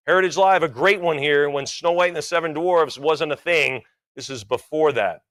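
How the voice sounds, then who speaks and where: A man's voice: mid-range voice, a little fast, a bit bright, no room sound. Chanting male auctioneer, dry sound. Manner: rhythmic bid chanting mixed with chatty asides. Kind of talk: live auction bid calling.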